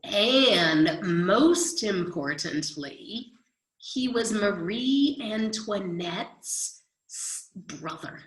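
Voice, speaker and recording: A woman's voice: medium pitch, expressive, extremely slow, roomy sound, poor audio. A woman history teacher giving a chatty recorded lecture, explaining with everyday examples.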